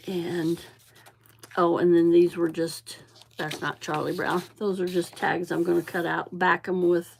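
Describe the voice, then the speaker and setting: A woman's voice: fairly low pitch, gravelly. A woman chatting casually as she shows her journaling crafts, talking in a loose, meandering way. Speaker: journaling vlogger.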